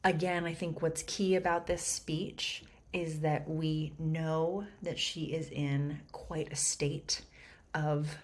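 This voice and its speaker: A woman coaching actors through an audition monologue in a chatty, animated way, clearly fond of the material. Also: low-pitched. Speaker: acting coach.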